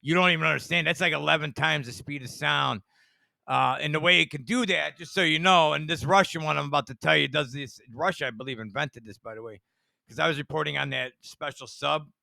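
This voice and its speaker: A man with a very gravelly, edgy tone and a slightly high pitch talks straight into a dead-dry mic. He rambles and swears and drops conspiratorial asides, circling back on himself as he goes. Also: fairly quick, sharp tone, no echo. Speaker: online commentator.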